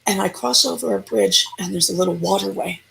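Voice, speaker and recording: Animated woman telling a ghost story. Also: mid-range voice, fairly quick, gravelly, noisy background. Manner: animated storyteller, acting out dialogue. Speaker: paranormal investigator. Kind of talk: storytelling in an interview.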